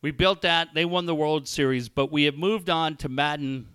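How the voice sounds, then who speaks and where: A man's voice: fairly high pitch, normal speed, clean tone, no echo, clean studio sound. A man in his forties hosting a talk show, telling stories in casual chat and acting out quoted dialogue. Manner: storytelling with animated quoted dialogue. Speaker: radio show host.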